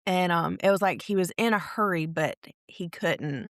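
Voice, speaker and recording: A woman's voice: lowish voice, normal speed, no echo, clean studio sound. A woman, co-hosting a faith podcast, telling a personal story earnestly in casual chat. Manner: earnest, acts out quotes of others. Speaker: podcast co-host.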